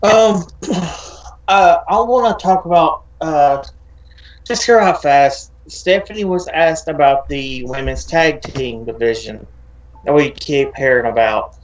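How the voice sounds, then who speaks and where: A man co-hosting a wrestling chat show, talking hesitantly with plenty of fillers. His voice is fairly high and sounds far from the mic in a roomy space. The audio is dull. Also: slow pace. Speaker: podcast co-host.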